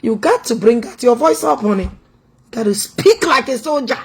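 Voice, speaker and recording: A Nigerian woman with an Igbo accent runs a mocking commentary vlog, taunting and scolding her target loudly while switching among Igbo, English and Pidgin. Her fairly high voice has lively intonation at a normal speed.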